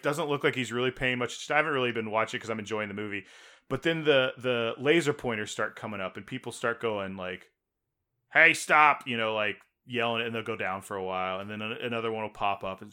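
A man co-hosting a podcast, chatting casually and acting out scenes loudly as he tells stories. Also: mid-range voice. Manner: animated storyteller, loud when acting out scenes. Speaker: podcast co-host. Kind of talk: casual chat.

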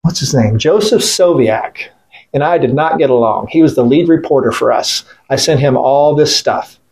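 A man's voice: medium pitch, moderate pace, darkish tone. A middle-aged man being interviewed, telling a war story in a blunt, rambling way, full of profanity and restarts. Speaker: veteran guest.

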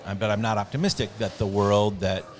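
A man's voice: on the low side, fairly quick. A middle-aged man co-hosting a casual chat, joking dryly and sounding gloomy. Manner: dry, joking, gloomy outlook. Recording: lively crowd noise behind.

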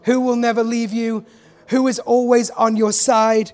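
A man preaching a sermon, animated, asking the congregation questions and acting out the people he quotes. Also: extremely high pitch, unhurried.

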